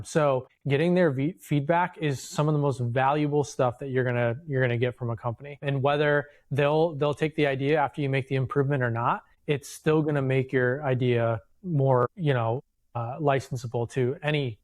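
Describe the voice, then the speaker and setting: A man co-hosting a casual podcast as an inventor coach, explaining advice in a steady way. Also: mid-range voice. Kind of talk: casual chat.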